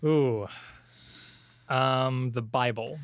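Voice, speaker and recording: A man hosting a podcast, talking in an easygoing, relaxed way with fillers. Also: medium pitch, drawn-out words, no room sound. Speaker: podcast host. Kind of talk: casual chat.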